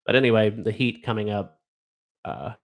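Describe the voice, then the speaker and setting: A man's voice: lowish voice, big pitch swings, unhurried, creaky, darkish tone. A middle-aged man from Ohio hosting a casual live stream, reading odd news stories aloud and rambling wryly with lots of fillers. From Ohio, USA.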